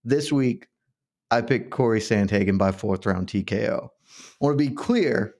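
A man co-hosting a betting podcast, telling stories in an animated, laughing way. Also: fairly low pitch, measured pace. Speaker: podcast co-host. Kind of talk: casual betting chat.

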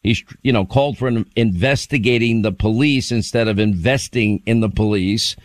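A man's voice: lowish voice, moderate pace, no echo. Male radio host, scoffing and amused, casual political talk, dry studio sound. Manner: mocking, laughs at his own points.

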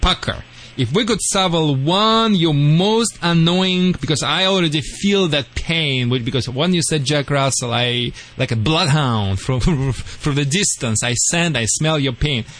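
A man's voice: a little high, measured pace, a bit bright. Russian-accented man giving dog advice. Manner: playful, broken English, lecturing. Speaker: dog trainer co-host. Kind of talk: casual radio chat.

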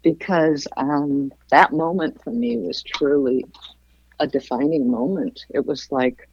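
A woman telling a long personal anecdote in a relaxed interview, acting out the voices of the people in it. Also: sits low, dull audio, slight background noise. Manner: slow, warm anecdote-telling with voiced quotes and laughs. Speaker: guest. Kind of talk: storytelling in a casual interview.

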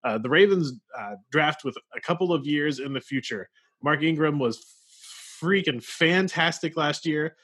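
A man's voice: a little high, lively intonation, normal speed, a bit bright, husky. A man co-hosting a casual fantasy football podcast, emphatic and confident in his takes. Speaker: podcast co-host.

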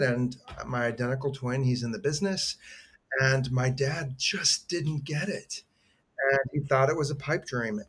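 Speaking at a medium pitch, a middle-aged man who is an actor shares personal stories as a podcast guest. His conversational storytelling is earnest and heartfelt, full of restarts.

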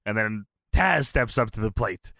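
A man hosting a casual podcast, telling a story with lively acted-out quotes and lots of swearing. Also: lowish voice, moderate pace, creaky. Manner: animated storyteller, acts out quotes, swears often. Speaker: podcast host. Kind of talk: casual chat recapping wrestling.

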